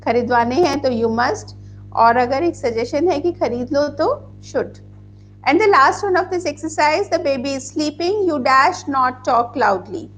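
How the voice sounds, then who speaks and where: High-voiced woman teaching. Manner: explains patiently, spells words letter by letter, mixes Hindi asides. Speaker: English grammar teacher. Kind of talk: online class, reading out student answers.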